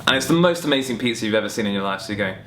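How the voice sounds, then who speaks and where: A young man teaching a singing warm-up lesson in a relaxed, friendly, chatty way, talking through stretches and vocal exercises. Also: fairly low pitch, rapid-fire, slight background noise. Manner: relaxed, friendly and chatty, demonstrating hums and sung syllables. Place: home music room with guitars on the walls.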